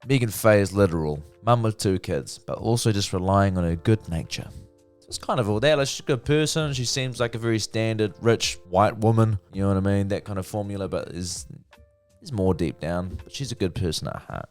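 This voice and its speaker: A man's voice: lowish voice, brisk, faint music behind. A man giving a casual, profane, chatty review of a TV series. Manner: chatty, profane, lively retelling. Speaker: TV review vlogger.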